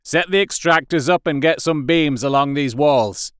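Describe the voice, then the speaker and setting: A man's voice: on the high side, normal speed, a bit bright, smooth, no echo, studio quality, pitched above the performer's own voice, close to an everyday voice. A man reading a story who voices a curt, greedy lord giving orders. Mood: commanding. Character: cold, commanding male lord, greedy.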